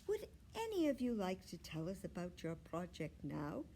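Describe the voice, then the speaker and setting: A woman reading a storybook aloud, voicing a patient, firm woman schoolteacher who gently corrects her class. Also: fairly low pitch, wildly swooping pitch, normal speed, slight background noise. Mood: calm.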